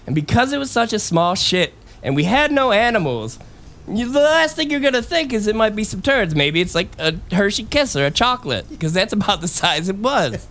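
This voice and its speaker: A young man hosting a podcast, telling a story in casual chat, animated and laughing, acting out the voices of people he quotes. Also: high-pitched, brisk. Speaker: podcast host. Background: fan noise.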